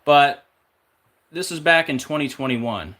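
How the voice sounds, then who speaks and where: A man's voice: medium pitch, a bit bright. A man hosting a casual numerology video, rattling off number connections in a conspiratorial way and often going off track. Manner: rapid, listing numbers and links, conspiratorial; off-track, searching aloud with fillers. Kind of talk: casual rambling monologue.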